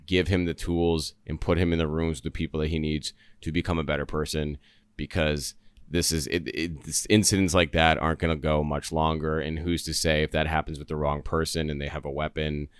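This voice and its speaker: A man's voice: extremely low pitch, little pitch movement, brisk, smooth, dry recording. A man hosting a solo podcast, talking through news in an earnest, rambling way with many fillers and restarts. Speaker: podcast host. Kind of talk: solo commentary.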